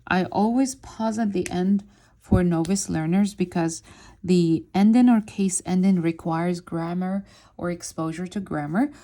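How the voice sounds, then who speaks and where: A woman teaching a reading lesson, stretching out each syllable at an unhurried pace. Her voice sits a little low and sounds mellow. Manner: slow and deliberate, sounding out syllables. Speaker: Arabic teacher. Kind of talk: spoken lesson while writing on a board.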